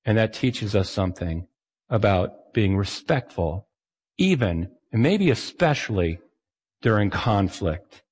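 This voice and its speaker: A man preaching a sermon as pastor, conversational and animated, sometimes acting out the voices of the people he quotes. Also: lowish voice, unhurried, slightly rough. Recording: long hall reverb.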